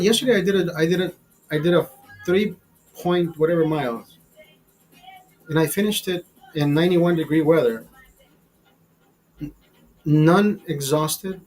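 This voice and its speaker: A man's voice: a little high, a little mellow, low-quality recording. A man hosting a livestream, chatting to his viewers in a profane, rambling, easygoing way. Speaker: livestream host. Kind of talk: casual chat to viewers.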